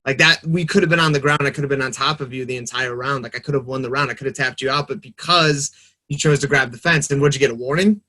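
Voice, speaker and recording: A young man talking casually on a podcast, animated and rambling, swearing freely. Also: medium pitch, quick pace. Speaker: podcast guest. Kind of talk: casual chat.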